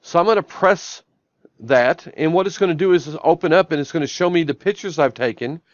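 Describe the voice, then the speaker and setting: A man with a fairly high voice moves fairly quickly through a live-stream demo of a shop tablet app, working from his office. Every action is explained in sequence and introduced with "I'm gonna," and the audio is lo-fi with no room sound.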